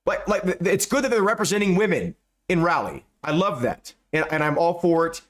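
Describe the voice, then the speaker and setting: A man talks over his gameplay in a loose, rambling way. His voice sits a little high, and he stumbles over his words, repeating them often. He swears casually as he chats to his viewers. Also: expressive, brisk. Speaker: gaming YouTuber.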